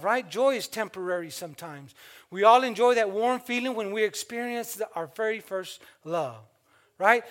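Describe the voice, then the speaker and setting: Older guy preaching, really high pitched voice, keeps asking the church questions and calling for amen. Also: fairly bright tone. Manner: exhorting, calls for amens and asks the congregation questions. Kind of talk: sermon.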